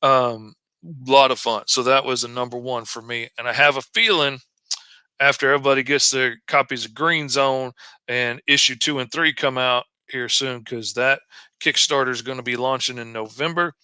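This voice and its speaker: A man's voice: mid-range voice, steady tone, moderate pace, sharp tone, smooth, dry recording. A middle-aged man, telling a folksy story as he draws. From Arkansas. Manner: folksy and chatty, drawls out stories. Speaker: comic artist streaming while drawing. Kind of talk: casual storytelling while drawing.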